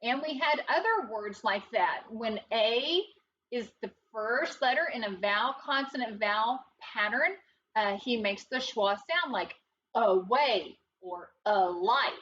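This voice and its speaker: A woman teaching a phonics lesson, patient and deliberate, repeating words aloud and asking the students questions. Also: on the high side, animated, a bit bright, far from the mic, dull audio, a little hiss or hum. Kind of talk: slow, deliberate classroom instruction.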